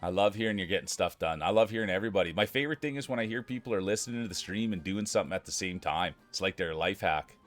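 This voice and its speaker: Excitable man chatting with his stream. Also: low voice, fast talker, hardly any pauses, soft background music. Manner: excitable, talks straight to chat. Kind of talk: casual live-stream chat.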